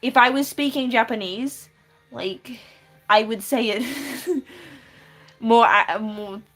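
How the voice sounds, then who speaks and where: Chatty woman live-streaming her drawing, a bit higher voice, laughs easily, trips over her words. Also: slow pace, a bit bright, soft background music. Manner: giggly, chatty, reads chat aloud and answers with many restarts. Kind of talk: casual live-stream chat while drawing.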